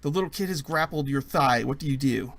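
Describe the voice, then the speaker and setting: A man's voice: mid-range voice, vocal fry, fairly bright tone, a little hiss or hum. A man running a tabletop game as dungeon master, narrating and slipping into character voices. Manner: does quick character voices, laughs often.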